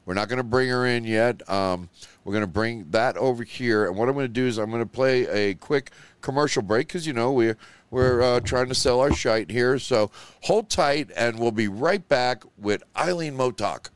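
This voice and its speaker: His voice is medium-pitched, clear, and resonant, and he speaks at a moderate pace with no echo. As host of a live show, he gives a loose, emotional, rambling monologue laced with "you know" and "like."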